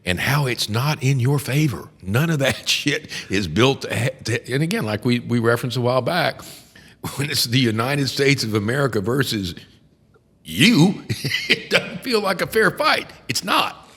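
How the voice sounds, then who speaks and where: A man's voice: medium pitch, very animated, moderate pace, fairly bright tone, breathy edge, big-room sound. An older man, a defense attorney hosting a podcast, telling courtroom stories in a casual, profane, laughing way. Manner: profane, laughing, acts out quotes. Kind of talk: casual storytelling chat.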